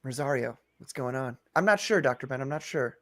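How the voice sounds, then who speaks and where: A man hosting a loose livestream, greeting viewers by name and reading their comments aloud. He jokes constantly and breaks into laughter often, and his voice sits at an ordinary middle pitch. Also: expressive, brisk, fairly bright tone. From Maryland. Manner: jokey, laughs often, reads chat aloud. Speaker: host. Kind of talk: casual livestream chat.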